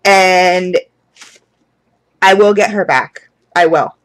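A woman vlogging an unboxing in a casual, chatty way, gushing with excitement, calling her viewers "guys" and sounding close to tears with gratitude. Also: fairly low pitch, takes it slowly, low-quality recording. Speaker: candle and wax hobby vlogger.

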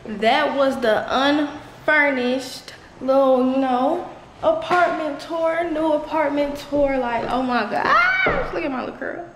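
A chatty, excitable young woman from Detroit giving a casual vlog tour of her new apartment, talking straight to her viewers and swearing freely. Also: high-pitched, takes it slowly, reverberant, slight background noise. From Detroit, USA. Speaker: vlogger. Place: new, mostly empty apartment indoors.

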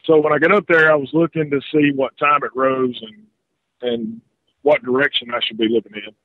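A man's voice: mid-range voice, steady tone, a little fast, no echo. A man from North Carolina calling into a radio show, telling a rambling story with many hesitations. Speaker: caller. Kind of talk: phone call-in conversation. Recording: tinny dry phone line.

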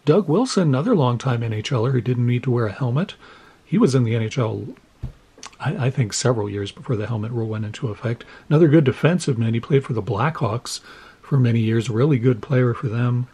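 Card channel host, male, crisp clear voice, casual rambling commentary, self-deprecating. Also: medium pitch, animated, a little fast, dark tone, rough recording. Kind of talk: casual pack-opening commentary.

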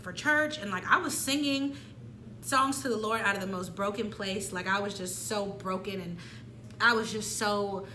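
A woman in her twenties telling a candid personal story in an animated, slangy way, acting out her own past lines. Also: medium pitch, moderate pace, echoey room, slight background noise. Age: 20s. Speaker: vlogger.

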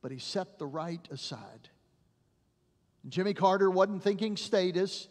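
A male pastor preaching a sermon, telling stories dramatically and dropping to a hush at the ends of phrases. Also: high voice, lively intonation, measured pace. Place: church sanctuary. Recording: long church reverb.

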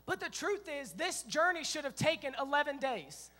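A middle-aged man preaching a sermon as pastor, telling stories in an animated way and breaking into shouts. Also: very high voice, moderate pace. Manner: animated storytelling, acting out scenes, bursts of shouting. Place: church sanctuary. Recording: long reverb of a church hall.

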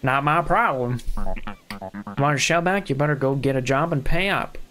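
A man's voice: medium pitch, moderate pace, pushed and bright, faint music behind, lightly acted. A man reading game dialogue aloud as a rude, bossy loan shark, putting on a southern drawl. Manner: bossy, mocking.

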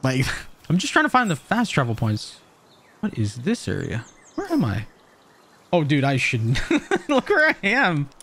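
A man streaming a game, reacting with excited, jokey commentary and frequent laughs. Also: on the high side, measured pace, long pauses. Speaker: gaming streamer.

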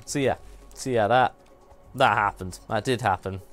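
A man's voice: on the low side, moderate pace, a bit bright, faint music behind. A man hosting a live game stream, rambling through a story with frequent laughs and self-deprecating asides. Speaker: streamer host. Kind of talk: casual live-stream chat while gaming.

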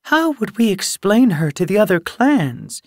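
Anxious young queen cat in an audiobook, high and fretful; a male narrator voices her. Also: moderate pace, no echo, studio quality, lightly acted. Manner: fretful, worried.

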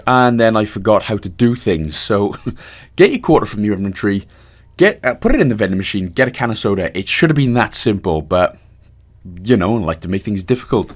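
A man's voice: lowish voice, very animated, a little fast. A Welsh man narrating a casual game walkthrough voice-over, giving steps with jokey, self-mocking asides. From Wales.

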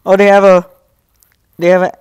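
A man's voice: high-pitched, little pitch movement, normal speed, a little mellow, clear, resonant tone, no room sound, muffled recording. A young man live streaming, reading and answering his chat in casual talk, scolding some viewers and joking with others. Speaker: livestreamer.

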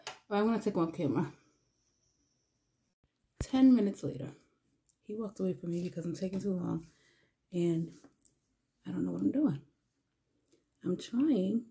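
A woman's voice: on the low side, normal speed, creaky, long pauses, dark tone. A woman vlogger chatting casually and fondly to her pet and her viewers. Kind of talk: casual pet vlog chat.

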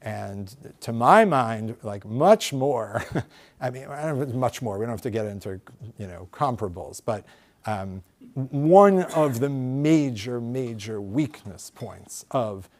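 A rabbi giving a conversational lecture to a live audience, thinking aloud with hedges and frequent restarts. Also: male voice, medium pitch, lively intonation, slow. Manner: thoughtful, hedging, many fillers and restarts. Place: lecture room with in-person audience.

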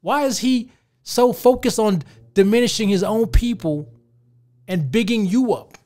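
Podcast host, man, thirties, high register, casual profane rant delivered straight to listeners. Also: a little slow, darkish tone. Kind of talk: casual ranting commentary.

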